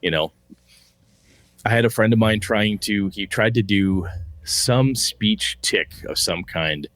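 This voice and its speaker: Low-voiced man rambling on a podcast. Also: slow, fairly bright tone, no echo. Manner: loose, rambling, swears casually, acts out quotes. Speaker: podcast co-host. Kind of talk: casual podcast chat.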